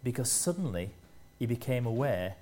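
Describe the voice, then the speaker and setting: A male preacher delivers a sermon at a medium pitch. He speaks in short, measured phrases. He leans harder on the lines he wants to land. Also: big pitch swings, warm tone.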